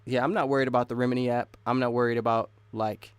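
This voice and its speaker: A man's voice: mid-range voice, flat delivery, fast talker, clear, resonant tone, no echo. A man hosting a casual live stream, rambling and restarting sentences as he chats with viewers. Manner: rambling, restarts often, laughs between thoughts.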